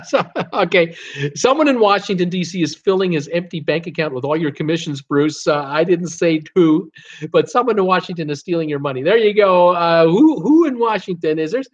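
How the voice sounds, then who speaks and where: A man's voice: fairly high pitch, lively intonation, a little fast. A man from Canada hosting a casual live stream, reading viewer comments aloud and chatting with many fillers. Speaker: host reading live chat. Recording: dull lo-fi stream audio.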